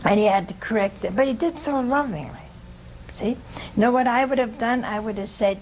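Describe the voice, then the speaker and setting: A woman with a fairly high voice gives a relaxed religious talk to a live gathering. She keeps it conversational and humorous, turning often to quiz the people in front of her. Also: fairly quick, crowd noise, noisy background. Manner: chatty, questions the listeners, humorous. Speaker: religious teacher. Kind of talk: informal talk to a live audience.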